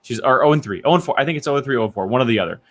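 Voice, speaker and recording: A young man hosting a casual live-stream podcast chat, animated and quick to laugh. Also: mid-range voice. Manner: animated, laughs often, chatty. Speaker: podcast host.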